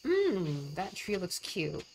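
A woman streaming a farming game, chatting casually with her viewers and admitting she feels low and upset. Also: takes it slowly, rough recording. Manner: chatty, swears casually, talks to chat. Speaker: vtuber streamer. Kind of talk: casual gameplay chat. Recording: steady background noise.

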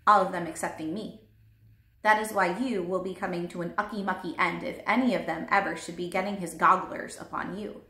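A woman's voice: on the low side, steady tone, fairly quick, bright, forceful tone. A woman voicing a big, friendly male giant who bumbles through made-up words with a folksy lilt, read aloud in a roomy space. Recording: roomy echo.

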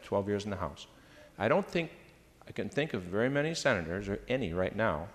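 An older man giving a farewell floor speech as senate president, teasing dryly and then speaking earnestly. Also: on the low side. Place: legislative chamber. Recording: reverberant hall.

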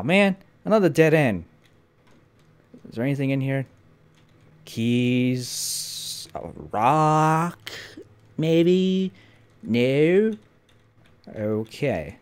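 A man with a medium-pitched, slightly mellow voice hosts a casual gameplay video. As he plays, he jokes around, swears a lot, and talks to himself.

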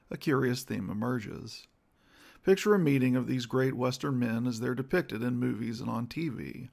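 A man delivering a scripted history lecture in a measured, rhetorical way, posing questions to his listeners. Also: mid-range voice, gravelly. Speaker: speaker giving a history talk.

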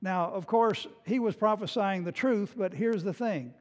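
A man preaching a sermon, retelling a scripture story in a lively storytelling way and sometimes acting out its scenes. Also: high voice, a little slow. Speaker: pastor. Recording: long hall reverb.

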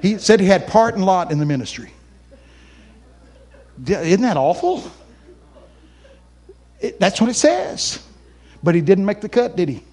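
A male preacher telling a story in an animated sermon, often raising his voice to a shout and laughing. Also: high voice, unhurried, long pauses. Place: church camp meeting.

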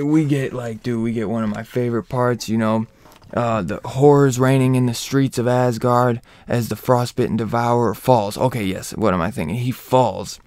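A man casually recapping a comic book, rambling and excitable with lots of fillers. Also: medium pitch, no room sound.

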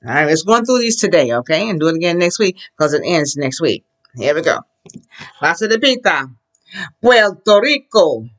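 Lively, animated Spanish teacher. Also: medium pitch. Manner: enthusiastic, drills words for the class to repeat; slows down to model pronunciation. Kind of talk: classroom language lesson.

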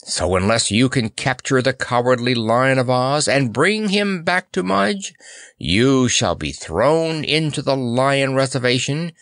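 A man's voice: mid-range voice, a bit bright, dry recording, clean studio sound, voice pushed up. A man voicing a pompous, blustering male king with blue whiskers, speaking in a raised, demanding tone. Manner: imperious, demanding.

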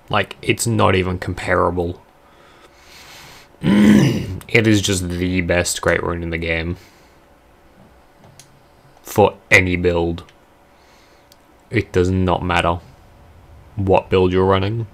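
A man giving casual, foul-mouthed commentary while playing a video game, with loud outbursts at it. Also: low-pitched.

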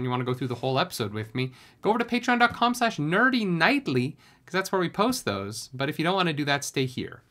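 Bright, upbeat young man reacting to anime. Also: medium pitch. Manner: energetic, bursts into loud singing along. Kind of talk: casual reaction commentary. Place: home recording room.

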